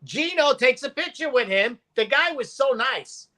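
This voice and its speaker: Guy, guest storyteller; punchy, bright tone, loud when he quotes people. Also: extremely high pitch, measured pace. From Brooklyn, New York. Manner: animated, profane, acts out quotes loudly. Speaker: podcast guest. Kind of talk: casual storytelling.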